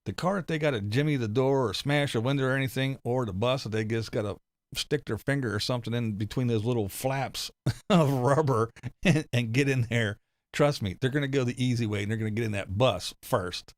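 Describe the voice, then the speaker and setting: A man's voice: mid-range voice, fairly quick, no echo. A middle-aged man from the United States, hosting a casual livestream chat, rambling and often laughing and swearing. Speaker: livestream host reading chat.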